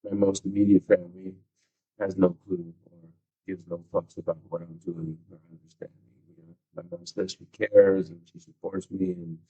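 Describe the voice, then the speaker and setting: A man's voice: low-pitched, creaky, breathy edge, phone-quality sound. A man hosting a livestream, talking openly and casually about family and relationships, swearing freely, and reading passages aloud. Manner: candid and open, swears casually. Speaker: livestream host.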